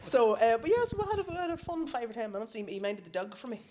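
Woman, from the countryside, podcast guest, lively, fast, sweary. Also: fairly high pitch, a little hiss or hum. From Northern Ireland, countryside. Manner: animated, laughing, sweary. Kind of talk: casual chat, storytelling.

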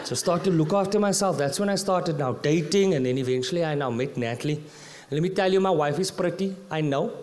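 High-voiced South African stand-up comic. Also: male voice, fairly quick. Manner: animated storytelling, mixing Afrikaans slang into English. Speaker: stand-up comedian. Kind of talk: live stand-up comedy. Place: live comedy venue.

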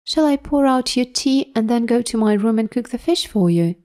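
Cheerful fussy neighbor lady, woman narrator reading her, mellow voice. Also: a little high, expressive, moderate pace, voice pushed up, lightly acted. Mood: kind fussing. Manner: kind, cheerful, fussing. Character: kind cheerful middle-aged woman neighbor.

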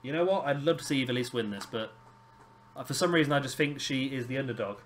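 Excitable British man calling wrestling. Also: mid-range voice, fast, a little hiss or hum. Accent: British English. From Britain. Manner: excitable, calls near-falls with rising energy. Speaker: video game commentator. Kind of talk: casual play-by-play commentary.

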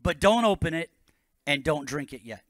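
A man's voice: fairly high pitch, expressive, normal speed, a bit bright, no echo. A man, a pastor, preaching a sermon to his congregation with rising bursts of energy.

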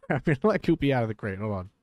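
A man giving casual gameplay commentary as a streamer, chatty and quick to exclaim, breaking off to talk to his dogs. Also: medium pitch, a little mellow. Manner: chatty, exclaims often, talks to his dogs between game remarks. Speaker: gaming streamer.

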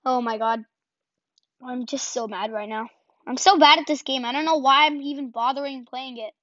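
A high-pitched woman talks through her game in casual, excitable bursts, laughing at her own mistakes and firing off repeated words. The sound is dull and lo-fi, with a close, dry feel and no room around it. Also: moderate pace, no echo. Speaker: gaming channel host. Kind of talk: casual gameplay commentary. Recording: dull lo-fi home recording.

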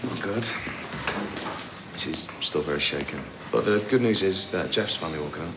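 An actor playing a cautious police officer in a TV soap drama, measured and careful. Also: male voice, deep voice, lively intonation. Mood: calm. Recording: TV drama with background noise.

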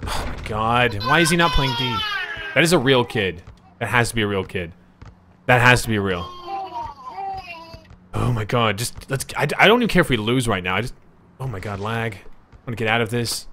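A man's voice: medium pitch, expressive, moderate pace, pauses often, bright, forceful tone, slight background noise. A young man streaming a video game live, swearing in frustration and ranting as a baby cries over the voice chat. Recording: music playing behind. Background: game music and a baby crying.

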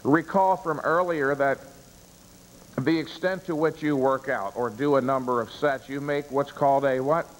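A man's voice: mid-range voice, moderate pace. A man giving a live seminar lecture, emphatic, stressing key words and answering his own rhetorical questions. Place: seminar room with an audience. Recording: reverberant room, long echo.

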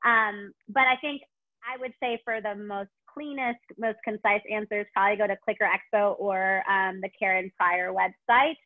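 A woman's voice: mid-range voice, fairly even intonation, moderate pace. A woman with a Chicago accent, a dog trainer answering webinar questions in a gushing, rambling way with many ums. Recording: tinny phone-like call audio.

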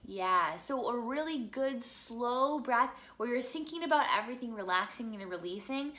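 A young woman from the Midwest gives a singing lesson in a bright, clear voice that sits a little high. She talks in a chatty, encouraging way and demonstrates each vocal exercise as she goes. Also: lively intonation, normal speed, hardly any pauses. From American Midwest. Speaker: singing teacher.

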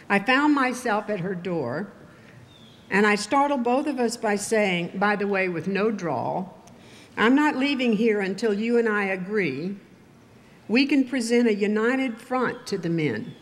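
An older woman from Texas giving a commencement speech, telling stories in a measured, wry way. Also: mid-range voice. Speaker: commencement speaker. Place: ceremony venue with audience.

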